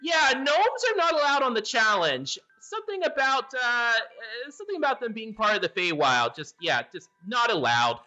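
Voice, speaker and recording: A man's voice: very high-pitched, sing-song, moderate pace, hardly any pauses, bright, forceful tone, pitched above the performer's own voice, exaggerated voice. A man voicing a chatty, polite male gargoyle who guards magic slides, talking in a fussy, apologetic way. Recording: dull lo-fi audio.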